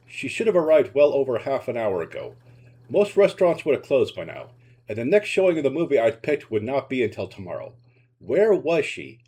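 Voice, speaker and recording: Guy reading his own short story, husky voice, pitch all over the place. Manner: expressive, dramatic narration.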